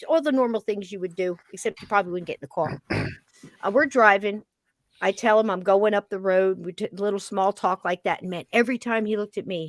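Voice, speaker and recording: A woman hosting a podcast who tells her own story in a lively, casual way, acting out the scene with plenty of "you know" fillers. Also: mid-range voice, no echo. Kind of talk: personal story told in casual chat.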